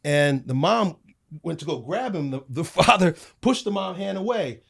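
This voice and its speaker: A middle-aged man talks as a guest in a podcast studio. He tells his stories in an animated way and slips into other people's voices as he goes. His voice sits a little higher than most men's. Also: normal speed, creaky. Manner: animated storytelling, acts out voices in anecdotes. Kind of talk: casual studio conversation.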